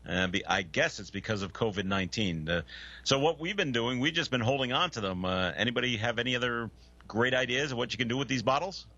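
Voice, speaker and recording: A man hosting a casual morning radio panel show, friendly and quick to laugh. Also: mid-range voice, lively intonation, bright, forceful tone. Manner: friendly, laughs easily, fills with uh. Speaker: radio host. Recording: dull, lo-fi radio sound.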